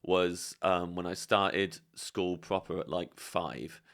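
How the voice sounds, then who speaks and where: A man's voice: deep voice, slow, creaky, a bit bright. A man, chatting on a podcast and telling rambling, self-deprecating stories about his childhood. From England. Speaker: podcast guest. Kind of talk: casual chat, storytelling.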